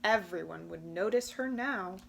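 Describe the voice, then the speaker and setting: A woman reading a children's picture book aloud with expressive, animated storytelling. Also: mid-range voice, a little slow, gravelly, a little hiss or hum. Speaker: storybook reader.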